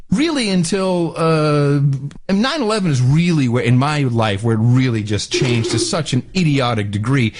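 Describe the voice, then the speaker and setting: Middle-aged male ranter, slightly high voice, swooping delivery, mocks officials loudly. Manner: angry, mimics officials in loud barking voices. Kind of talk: casual ranting monologue.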